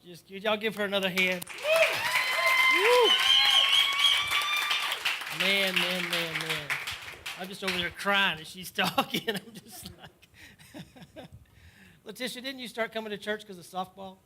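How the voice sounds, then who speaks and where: A man hosts a church service, effusive and openly emotional as he urges the congregation to applaud. His voice sits high for a man. A lively congregation is heard around him, with clear noise in the recording. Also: moderate pace. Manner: effusive, emotional, cheering the crowd on. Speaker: church host leading the service. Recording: live church crowd noise.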